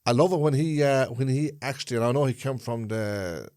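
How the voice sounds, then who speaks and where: A man with an Irish Traveller accent, co-hosting a casual podcast chat and often pausing to search for words. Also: mid-range voice, dark tone, clean tone, no echo, clean studio sound. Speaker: podcast co-host.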